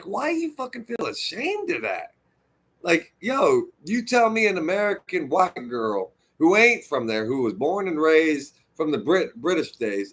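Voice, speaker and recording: A man's voice: fairly high pitch, fairly bright tone, slightly rough. A man streaming an unscripted rant to camera, heated and profane, rambling and restarting his sentences as he gets worked up. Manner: restarts and repeats himself when worked up.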